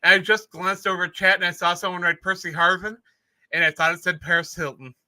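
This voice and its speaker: A man's voice: sits high, level tone, quick pace, pushed and bright. A man co-hosting a sports podcast, telling stories in casual chat and laughing easily. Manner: chatty storyteller, laughs easily. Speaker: podcast co-host.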